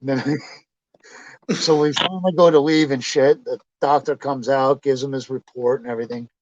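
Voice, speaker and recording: A man's voice: medium pitch, fairly even intonation, moderate pace, a little mellow, slight background noise. A man telling rambling, profane anecdotes in casual chat, laughing as he goes. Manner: rambling, swearing, laughing storyteller. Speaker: storytelling guest. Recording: dull lo-fi dry sound.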